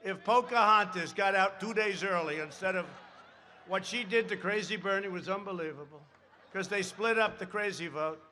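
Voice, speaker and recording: A man giving a campaign rally speech at a podium microphone, rambling with sarcastic asides and shouted emphasis. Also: sits high, moderate pace, slight background noise.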